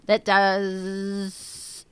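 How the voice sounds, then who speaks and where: A woman narrating as game master of an online tabletop game, laughing often between quick rulings. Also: mid-range voice, completely flat delivery, clear, resonant tone.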